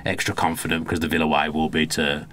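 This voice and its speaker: A man's voice: very deep voice, flat delivery, fast, fairly bright tone. A man co-hosting a casual football podcast, chatty and opinionated. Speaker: podcast co-host.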